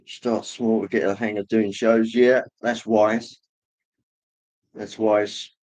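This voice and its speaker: A man hosting a livestream, casually rambling as he reads viewer comments, with many pauses and fillers. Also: on the low side, flat delivery, a little mellow. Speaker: livestream host reading chat. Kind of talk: casual chat.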